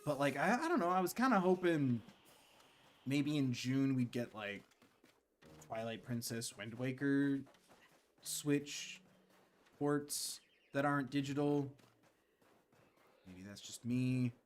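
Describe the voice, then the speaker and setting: A man's voice: mid-range voice, takes it slowly, long pauses. A man casually commenting on a live game stream, rambling into joking asides. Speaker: gaming streamer.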